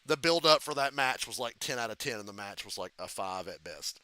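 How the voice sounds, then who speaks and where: A man on a casual live reaction stream retells backstage stories with plenty of cursing. His voice is very bright and sharp. His pitch sits in the middle, and he talks like he is hanging out with a friend. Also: brisk. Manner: profane animated storytelling.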